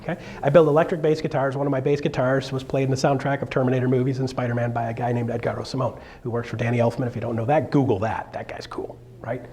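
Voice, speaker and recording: At medium pitch, a man coaches a room of real estate agents in a live seminar. He's lively and playful, regularly checking in with attendees through brief questions.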